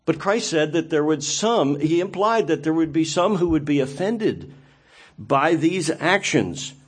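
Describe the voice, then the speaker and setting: Man, preacher, sermon, husky, rhetorical questions. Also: a little high, animated, unhurried. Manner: conversational, asks rhetorical questions.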